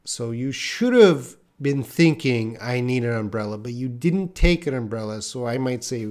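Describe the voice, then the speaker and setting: On his English-teaching live stream, this man reads viewer names and questions aloud while thinking through answers, peppered with "uh." His voice is medium-pitched and a little mellow, with lively intonation, a moderate pace and few pauses.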